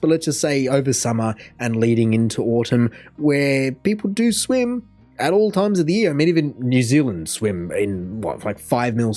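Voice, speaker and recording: An Australian man in his young adult years talks through a video he is reacting to. He thinks aloud, rambles a little and laughs often. His voice sits in a middle pitch. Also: a little mellow. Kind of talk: casual commentary over a video.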